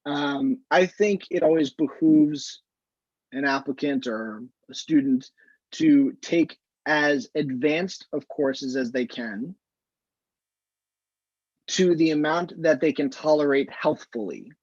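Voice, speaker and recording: A man, an anesthesiologist, giving measured, explanatory advice to students in a casual online Q&A over a video call. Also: fairly high pitch, a little mellow, dry recording. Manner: measured, explanatory, frequent "standpoint" phrasing. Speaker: anesthesiologist answering student questions. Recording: muffled, slightly lo-fi video call audio.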